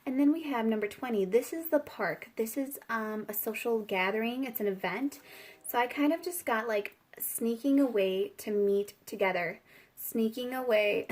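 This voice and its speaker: A woman's voice: on the high side, moderate pace, darkish tone. A young woman giving a casual, rambling spiritual tarot reading, chatty with lots of fillers and giggles. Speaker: tarot reader.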